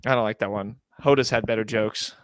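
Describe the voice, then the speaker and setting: A man's voice: on the low side, steady tone, fairly quick, fairly bright tone, no room sound. Easygoing young man cohosting a sports podcast. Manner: joking, easygoing banter. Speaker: podcast co-host. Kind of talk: casual sports chat.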